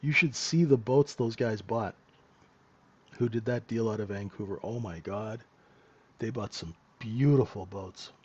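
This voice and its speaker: Man, middle-aged, live trading commentary, casual and joking, warm mellow tone, muffled stream audio. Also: fairly low pitch, unhurried, slightly rough. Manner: chatty, joking, laughs often. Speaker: trading room host and mentor.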